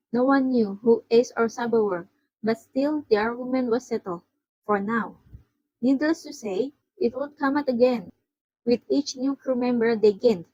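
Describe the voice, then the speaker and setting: Husky-voiced Indonesian woman reading fan fiction. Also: a little high, moderate pace, darkish tone, no echo, dull audio. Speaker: amateur podfic reader. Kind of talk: fan fiction read aloud.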